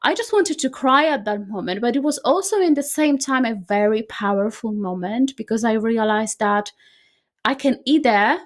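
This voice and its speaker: A woman with a fairly high voice tells a personal story as a guest in a conversation. She talks in a lively, chatty way and keeps tagging her sentences with "right?". The delivery is informal and unscripted. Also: moderate pace. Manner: animated, frequently adds "right?". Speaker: decluttering coach guest.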